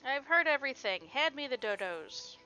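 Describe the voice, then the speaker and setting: A woman's voice: high-pitched, animated, moderate pace, sharp tone, soft background music. A woman voicing a game character, a man who dotes on his birds, in a fond, gushing way. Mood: doting. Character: doting man, dodo keeper. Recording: dull lo-fi home recording.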